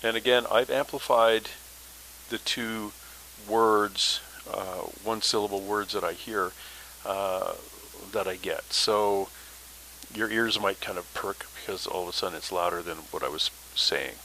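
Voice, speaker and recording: A man's voice: fairly low pitch, a little slow, sharp tone, a little hiss or hum, poor audio. A man hosting a paranormal podcast, telling his story in a casual, rambling way with many fillers.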